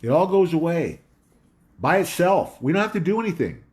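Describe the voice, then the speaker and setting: A man's voice: fairly high pitch, very animated, normal speed, a little mellow. A man hosting a casual talk show from home, rambling in a conspiratorial monologue with a dog nearby.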